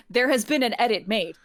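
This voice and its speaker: With a voice on the high side and a fairly bright tone, this podcast co-host keeps the casual chat going in a chatty, thoughtful manner and laughs easily.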